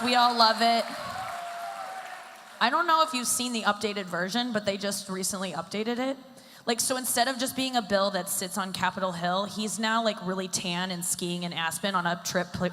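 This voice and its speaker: A woman's voice: medium pitch, fairly bright tone. A woman in her thirties doing a stand-up set on a stage mic, rambling and self-deprecating with lots of fillers. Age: 30s. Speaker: stand-up comedian. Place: comedy stage in a large hall. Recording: live venue with long hall reverb.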